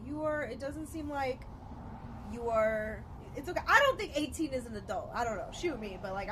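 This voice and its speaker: A woman's voice: mid-range voice, a little hiss or hum. A young woman streaming herself reading a book and reacting, rambling off on tangents with lots of "like" and self-mocking asides. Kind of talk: casual livestream reading and reacting.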